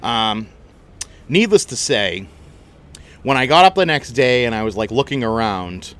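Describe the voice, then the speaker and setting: A man hosting a podcast, telling a story in a casual, animated, chatty way and swearing freely. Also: medium pitch, a little slow. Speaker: podcast host.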